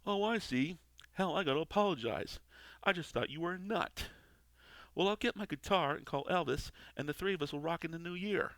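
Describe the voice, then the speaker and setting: A whiny, snide middle-aged grouch with a raised, complaining voice, as a man plays him. His tone stays bright and pushy, recorded close and dry. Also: on the high side, lively intonation, fairly quick, no echo, voice pushed up, rough recording.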